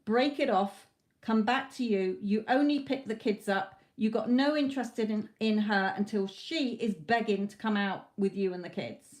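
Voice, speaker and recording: A woman's voice: mid-range voice, moderate pace, a little mellow. Blunt British woman giving psychic advice. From Britain. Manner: blunt and motherly, repeats "okay?". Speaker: psychic tarot reader. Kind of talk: live-stream reading, direct advice.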